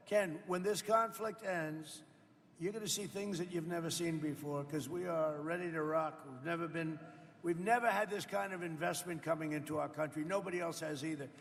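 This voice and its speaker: Older man in his seventies with a rather high voice and a gravelly edge, speaking off the cuff and rambling. His talk is boastful and repetitive, full of asides to the audience. The sound rings with the long reverb of a hall. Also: fairly bright tone. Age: 70s. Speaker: politician speaking at a roundtable. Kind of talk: off-the-cuff public speech. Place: event room with people around a table.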